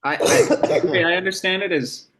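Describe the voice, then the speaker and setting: A man's voice: sits high, huge pitch swings, normal speed, fairly bright tone, a little hiss or hum. A man in a casual language lesson chat, easygoing and explaining sounds with simple examples.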